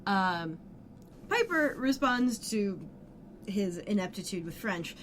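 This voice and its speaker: A woman's voice: mid-range voice, animated, slow, a bit bright, slight background noise. Blunt, joking woman podcast co-host. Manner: jokey, blunt, swears casually; opinionated, playful. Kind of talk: casual chat recapping a TV episode.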